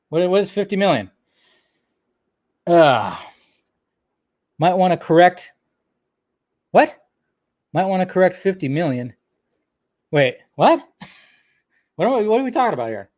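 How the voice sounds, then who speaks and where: A man hosting a live stream, ranting in an excitable way. He swears often and laughs at himself. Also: a little high.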